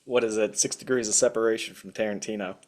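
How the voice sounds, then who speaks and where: Low-voiced guest guy, laid back and blunt, swears here and there. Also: quick pace. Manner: relaxed, blunt, swears casually. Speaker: guest writer. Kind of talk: casual chat.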